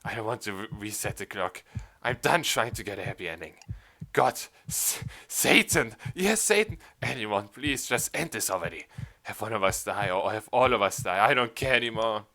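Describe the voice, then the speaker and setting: A man's voice: fairly low pitch, lively intonation, normal speed, pushed and bright. A man voicing a desperate, pleading young woman trapped in a time loop in a game.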